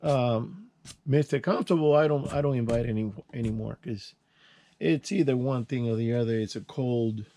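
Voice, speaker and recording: A man's voice: normal speed, mellow. An older retired man hosting his own channel, telling hunting and fishing stories in a casual, rambling way while he works on a small project. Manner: rambling, folksy, with restarts and sound words like "boom". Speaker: channel host. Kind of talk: casual vlog storytelling while working.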